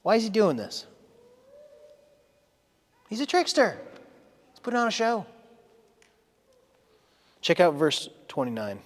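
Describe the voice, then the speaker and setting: A man's voice: sits high, very animated, takes it slowly, long pauses, in a large hall. A male pastor preaching a sermon in a conversational way, reading scripture aloud with dramatic emphasis. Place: church sanctuary.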